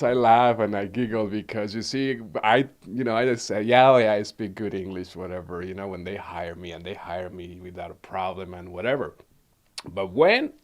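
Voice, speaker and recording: A Mexican man with a Mexican Spanish accent and a medium-pitched voice hosts a wellness livestream, casually telling a personal story. He laughs often and repeats words.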